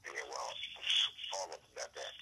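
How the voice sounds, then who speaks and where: A man's voice: a bass voice, moderate pace, heavy background noise. A man talking casually with his son, giving fatherly advice and acting out both sides of family arguments. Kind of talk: casual heart-to-heart talk.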